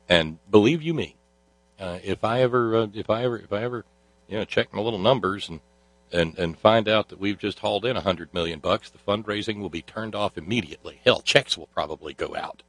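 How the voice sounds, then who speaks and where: A man's voice: fairly low pitch, fairly quick, no echo. A man hosting a talk show, delivering a sardonic monologue full of fillers and restarts. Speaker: host.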